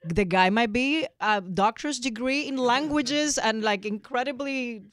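Animated woman telling teasing stories. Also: fairly high pitch, unhurried, dry recording. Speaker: podcast co-host. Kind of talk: casual chat.

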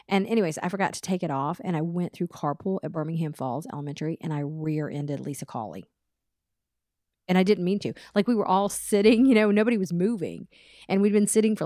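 A woman's voice: fairly low pitch, no echo, clean studio sound. Chatty middle-aged woman telling stories. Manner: chatty storyteller, animated retelling with quoted voices. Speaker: podcast co-host. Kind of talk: casual chat. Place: studio.

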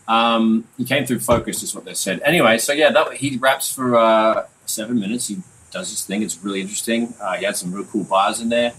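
Low-voiced man chatting loosely. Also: fairly quick, fairly bright tone, poor audio. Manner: loose, sweary, full of fillers. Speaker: podcast host and mixing engineer. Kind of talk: casual music review chat.

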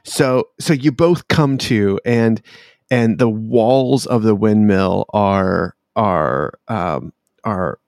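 Gravelly, hesitant game master. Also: male voice, fairly low pitch, slow, a little mellow, dry recording, clean studio sound. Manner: hesitant, many fillers. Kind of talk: narrating a tabletop game.

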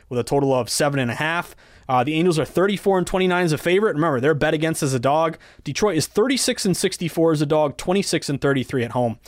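A man's voice: a little high, dry recording, studio quality. A man in his thirties hosting a casual sports betting podcast, chatty and enthusiastic as he rattles off odds and stats. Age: 30s. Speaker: podcast host, betting analyst.

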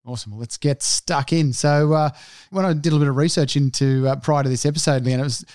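A man's voice: fairly high pitch, fairly even intonation, fast, a little mellow, dry recording, studio quality. A man co-hosting a podcast, talking in a rambling way with many fillers. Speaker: podcast co-host. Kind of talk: casual interview chat.

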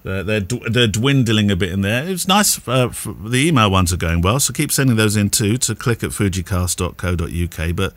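Chatty man, low and dry. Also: animated, no room sound. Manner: chatty, advice-giving, quick to laugh. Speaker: podcast co-host, wedding photographer. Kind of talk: casual podcast chat.

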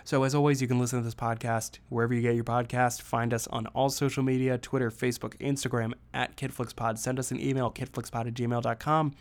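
A man's voice: medium pitch, little pitch movement, quick pace, hardly any pauses. A man hosting a podcast, reviewing a movie in a chatty, rambling solo talk with playful asides. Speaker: podcast host. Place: saw movie at Temple theater.

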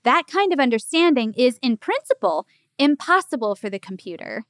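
Expressive woman podcast co-host. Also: high-pitched, moderate pace, no room sound, studio quality. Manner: expressive, reacts with gasps and laughs. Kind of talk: casual chat.

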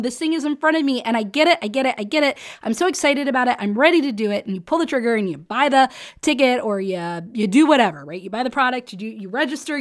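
Brief: woman, higher-pitched voice, solo podcast host coaching business owners, chatty and emphatic, laughs often.

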